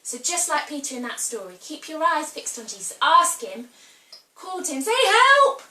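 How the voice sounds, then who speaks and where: A woman leading a children's church lesson at home, telling a Bible story with props in an animated way. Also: high voice, normal speed. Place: home room during lockdown. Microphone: camera some distance away. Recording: roomy, distant camera mic.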